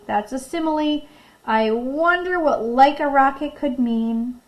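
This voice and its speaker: A woman teacher with a high, light voice reads a picture book aloud for a recorded class. Her reading is lively and expressive. She often breaks off to ask the children questions and tell them to pause. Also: poor audio. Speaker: elementary school teacher.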